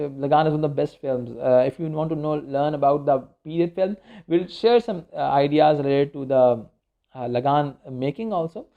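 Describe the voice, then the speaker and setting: Man, media studies lecturer, rambling, lots of fillers, gravelly voice, muffled recording. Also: fairly high pitch. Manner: rambling, many fillers and restarts. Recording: dull lo-fi recording.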